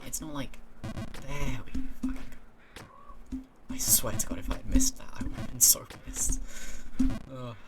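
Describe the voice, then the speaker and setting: A streamer from the Cambridge area with an English accent, chatting casually while playing a game, rambling, swearing often and cutting themselves off mid-thought. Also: medium pitch. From England, Cambridge area. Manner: rambling, swearing, self-interrupting. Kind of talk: casual gaming stream chat. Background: loud game music.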